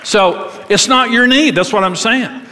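A man's voice: extremely high pitch, unhurried, some chatter behind, a little hiss or hum. Joking preacher man in a big hall. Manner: animated, joking storyteller. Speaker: pastor. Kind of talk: conversational sermon. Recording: long reverb of a large hall.

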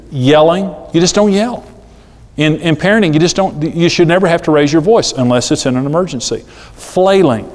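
A man's voice: fairly high pitch, darkish tone. Man preaching in a reverberant hall. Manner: storytelling, acting out quoted people. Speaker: pastor. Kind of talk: sermon. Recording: long reverb of a large hall.

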